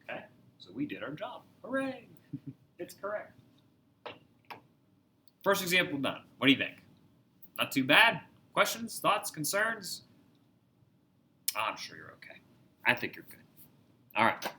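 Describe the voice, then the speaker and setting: A man's voice: a little high, very animated, moderate pace, pauses often, pushed and bright, a little hiss or hum. A man teaching a recorded math lesson, upbeat and joking, talking straight to his viewers as he works through examples.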